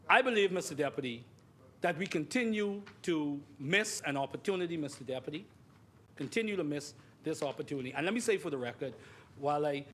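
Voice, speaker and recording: High-voiced Bahamian man making a forceful parliamentary speech. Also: a little hiss or hum. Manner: emphatic, repeats phrases, keeps addressing the chair. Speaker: member of parliament. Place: parliament chamber.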